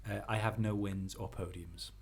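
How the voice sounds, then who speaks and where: A man's voice: lowish voice, fairly even intonation, normal speed, vocal fry. A man co-hosting a casual podcast, running a quiz, blunt and swearing freely, laughing often. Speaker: podcast co-host, quiz setter.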